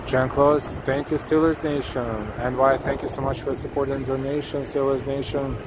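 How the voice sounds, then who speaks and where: A man's voice: mid-range voice, little pitch movement, moderate pace. A man hosting a live walking tour stream, talking casually and effusively to viewers with lots of restarts and fillers while he walks. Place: city streets outdoors at night. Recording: noisy outdoor street recording. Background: street traffic noise.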